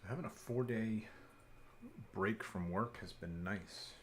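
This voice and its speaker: A man's voice: on the low side, slow pace, slight background noise. A man chatting casually and thinking aloud while he builds a model kit on a live stream. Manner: relaxed, rambling, thinking aloud.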